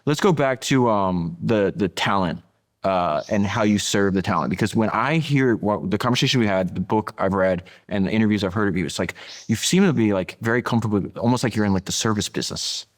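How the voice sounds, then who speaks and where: Man, podcast host, fast eager talk, lowish voice, frequent restarts. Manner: fast, enthusiastic, restarts often. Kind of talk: conversational interview.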